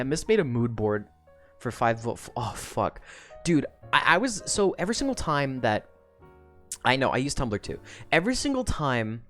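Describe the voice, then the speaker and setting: A woman streamer chatting through a book recap, rambling and sweary, and breaking into laughs often. Her voice swings widely up and down. Faint music plays underneath. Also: rumbling low.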